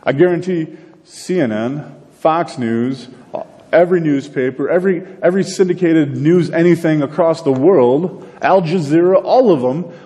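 A man's voice: moderate pace, dark tone. A man preaching a sermon in a conversational storytelling manner, acting out bits of dialogue. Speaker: pastor. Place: church sanctuary. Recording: long reverb with faint rumble noise.

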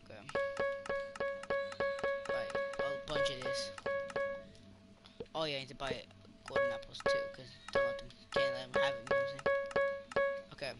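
A man's voice: mid-range voice, moderate pace, pauses often, over loud music. A man giving casual gameplay commentary, rambling to himself and cheering his teammate on. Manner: excitable, rambling self-talk with cheering. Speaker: gamer.

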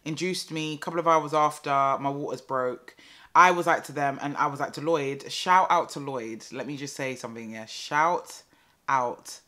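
A young woman telling a story casually to camera, chatty and animated with lots of fillers and repeats. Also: sits low, normal speed. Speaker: vlogger.

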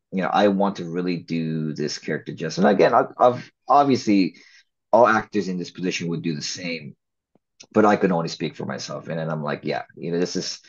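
A man speaks in a low, husky voice, chatting casually as an interview guest. He rambles loosely and restarts his sentences often. The audio is slightly dull and lo-fi. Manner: relaxed, rambling, many fillers and restarts. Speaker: actor and filmmaker guest.

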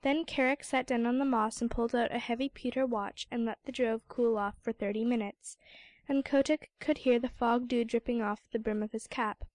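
A woman reading a classic storybook aloud as an audiobook narrator, measured and even. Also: on the high side, no echo. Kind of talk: scripted narration.

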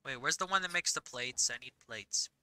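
A young woman gaming host rants and rambles with exasperated energy, her voice bright and clear. The sound is dry and close, picked up on a voice chat mic. She sits a touch high in pitch. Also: no room sound, low-quality recording. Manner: rapid, rambling, exasperated ranting. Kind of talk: casual gameplay chat.

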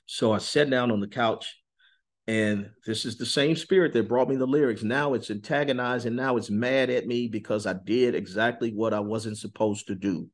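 A man giving an earnest, intense testimony in a sit-down interview, slowing on key words and rising suddenly in pitch and volume. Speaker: interview guest.

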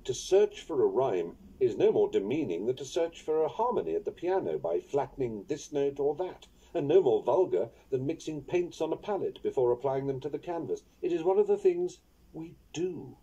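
A man reading his own instructional book on poetry aloud in a wry, playful, unhurried way. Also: on the high side, sing-song, dark tone, slightly rough, highs cut off. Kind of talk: audiobook narration of an instructional book.

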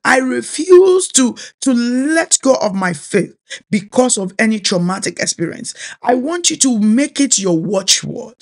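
A woman's voice: mid-range voice, a bit bright. Woman, Nigerian accent, Yoruba first language, minister, sermon, earnest, exhorting, repeats key phrases.

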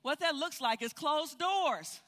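An older woman teaching a Bible study, telling stories in an animated way and often repeating words. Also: sits high, measured pace. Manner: animated, storytelling with frequent repeats. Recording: hall reverb.

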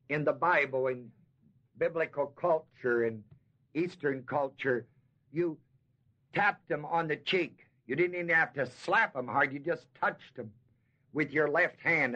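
A man giving a verse-by-verse Bible teaching, with a slightly high and bright, forceful voice. He talks at a slow, deliberate pace, drawing out key words for emphasis and putting questions to his listeners. The sound comes from a dull, lo-fi 1970s tape recording. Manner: emphatic, slows and stresses key words, asks the audience questions.

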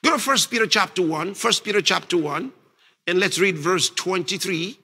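A male pastor preaching a sermon, reading scripture aloud and questioning his congregation, rising to emphatic shouts on key points. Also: sits high, moderate pace, breathy edge. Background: congregation responding.

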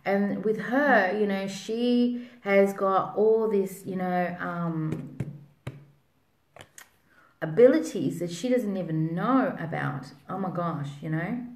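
A woman's voice: medium pitch, slow, a little mellow. A woman psychic giving a spiritual reading in a rambling way, full of fillers. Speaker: psychic reader. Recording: roomy echo.

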